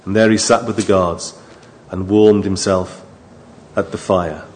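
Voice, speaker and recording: A man preaching a sermon, moving from quiet, low asides to raised, emphatic appeals to his listeners. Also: steady tone, a little slow, a little hiss or hum.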